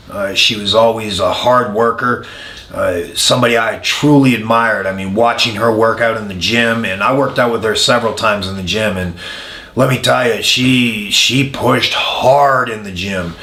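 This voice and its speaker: Male interview guest, lowish bright voice, frank storyteller, echoey room. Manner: frank, many "uh" pauses, animated when telling anecdotes. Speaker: former wrestler, interview guest.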